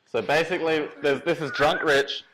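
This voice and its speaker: A man's voice: a little high, steady tone, moderate pace, a crowd in the background. Laid-back man rambling in an anecdote. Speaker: podcast co-host, BMX racer. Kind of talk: casual podcast chat.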